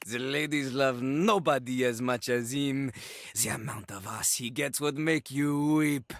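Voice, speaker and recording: A man's voice: medium pitch, measured pace, dry recording, close to an everyday voice. A man voicing a cocky male toilet rapper in a video game, with a French accent and boastful, sing-song rap delivery. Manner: boastful, sing-song rapping and hype talk. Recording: game audio with music behind.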